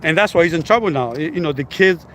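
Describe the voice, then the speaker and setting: A man's voice: fairly high pitch, expressive, fast talker, noisy background. A man talking bluntly in a casual vlog commentary, rambling and swearing freely. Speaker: vlogger.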